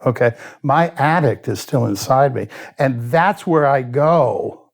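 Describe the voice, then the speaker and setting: A man's voice: medium pitch, expressive, unhurried. A man, a guest in an interview who tells his story candidly, bluntly and with a lot of swearing, and sometimes laughs at himself. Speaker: addiction expert guest.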